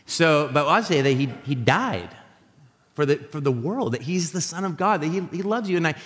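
A man preaching a sermon as a pastor, telling animated, jokey stories with many restarts. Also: a little high, moderate pace. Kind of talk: sermon with storytelling. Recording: live sermon in a reverberant hall.

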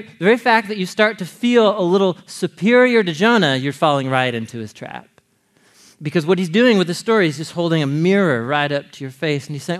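Animated, high-voiced male preacher. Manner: animated, laughs often, acts out the characters' quoted lines. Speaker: preacher teaching a Bible story. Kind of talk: animated sermon teaching.

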